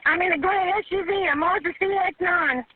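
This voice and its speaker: A woman's voice: very high-pitched, a little fast, no echo. Frantic crying woman on a phone line. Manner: frantic, pleading, stammering. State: panicked and crying. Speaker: 911 caller. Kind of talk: emergency phone call. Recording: tinny phone line recording.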